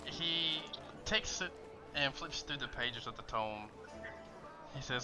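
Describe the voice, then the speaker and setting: A man running a tabletop game as game master, narrating in a halting way full of fillers over online voice chat. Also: mid-range voice, over music.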